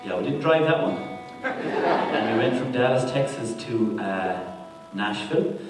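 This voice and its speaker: A man's voice: medium pitch, lively intonation, measured pace. A man from Ireland, out of breath, chatting on stage between songs in a chatty, self-mocking way. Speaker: touring band member. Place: live music venue. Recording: echoey live room from far off, loud music.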